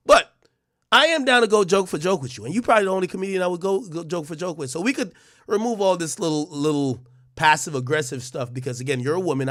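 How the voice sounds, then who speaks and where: A brash man with a bright, forceful, fairly high voice rants a mocking roast, tripping over stammered restarts. The sound is close and dry. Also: no echo. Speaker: livestream host. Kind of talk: ranting roast monologue.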